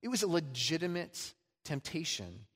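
A man's voice: a little high, very animated, moderate pace, husky. Man preaching in a reverberant hall. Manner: emphatic preaching, swings between loud and soft. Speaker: pastor. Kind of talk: sermon.

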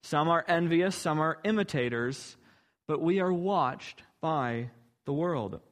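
A man's voice: on the high side, animated, slow. A man preaching a sermon, earnest and emphatic, building to rhetorical questions.

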